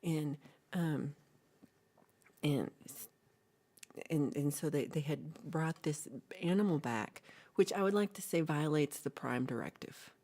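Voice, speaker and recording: A woman's voice: low-pitched, slow, long pauses, mellow. A woman hosting a livestream, chatting casually and retelling a film in a rambling, playful way with asides. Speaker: livestream host.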